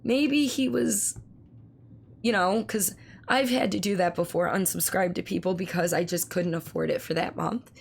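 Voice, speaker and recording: A woman live streamer chats casually with her audience, with a hoarse, strained voice. There is a gravelly rasp under her speech, and she swears freely as she reads her chat aloud. A faint hiss sits behind her voice. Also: lowish voice, steady tone, a little fast.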